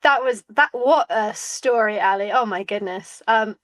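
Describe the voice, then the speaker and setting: A woman co-hosts a podcast in casual, playful chat. Her voice is a little high and the recording is dry and close. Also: measured pace, fairly bright tone, dry recording. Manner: playful, teasing reactions. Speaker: podcast co-host.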